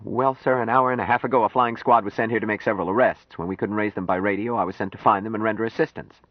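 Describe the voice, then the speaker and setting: A man's voice: lowish voice, steady tone, quick pace, dry recording, dull audio, voice pushed up, close to an everyday voice. A man voicing a stiff, flustered young military officer in an audiobook. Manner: stiff, hesitant, formal.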